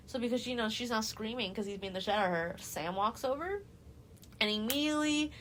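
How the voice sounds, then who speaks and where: A woman's voice: fairly high pitch, expressive, quick pace, a bit bright, a little hiss or hum. Young female host, stoned, loose casual delivery, profane and giggly. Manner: laid-back, profane, giggly, lots of filler words. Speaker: podcast host. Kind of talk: casual chat retelling a book plot.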